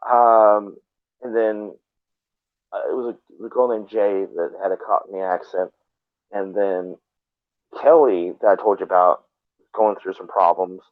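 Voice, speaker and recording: A man hosts a live stream, rambling through casual chat full of swearing and restarts. His voice sits low. It comes over a thin, phone-like line with no room sound at all. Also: fairly even intonation, measured pace, long pauses, dry recording. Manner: rambling and profane, with many restarts.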